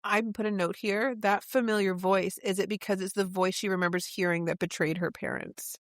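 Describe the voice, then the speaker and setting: A woman's voice: mid-range voice, steady tone, brisk, dry recording, studio quality. A woman co-hosting a book podcast who thinks aloud in a scattered, giggly way. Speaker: podcast co-host. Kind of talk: casual book club chat.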